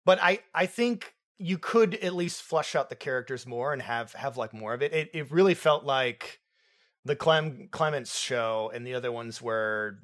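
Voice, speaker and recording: A man's voice: medium pitch, normal speed, fairly bright tone. A man co-hosting a film review podcast, chatting casually, laughing often and mocking lines he quotes. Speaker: podcast co-host.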